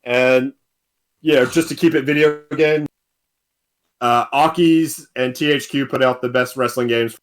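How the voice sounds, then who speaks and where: A man's voice: medium pitch, steady tone, measured pace, clear, resonant tone. A young man, a guest on a casual podcast, telling a story with frequent laughs.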